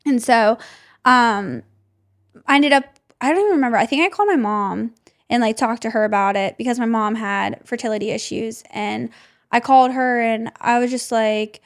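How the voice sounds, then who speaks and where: A woman's voice: fairly high pitch, normal speed. A young woman, a podcast host, telling a personal story with emotion and many "like" fillers. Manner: emotional, heavy use of "like" fillers.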